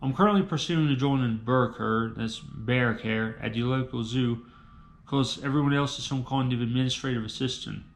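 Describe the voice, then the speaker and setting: A man's voice: medium pitch, normal speed, slight background noise, natural voice. A man voicing a proud Philadelphia local with a Philadelphia accent and a boastful manner.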